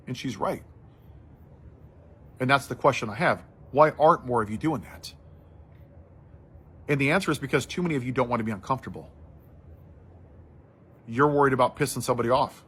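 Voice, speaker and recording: A man giving impassioned social commentary, telling a story and then building to forceful outrage. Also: medium pitch, a little fast, long pauses, slightly rough.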